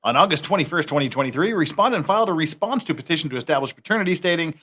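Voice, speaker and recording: A male host reads court filings in a wry, casual way. His voice is bright and lively, with a lot of rise and fall. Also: fairly high pitch, fast talker, hardly any pauses, husky. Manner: wry, reads documents aloud with jokey asides. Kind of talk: casual legal commentary.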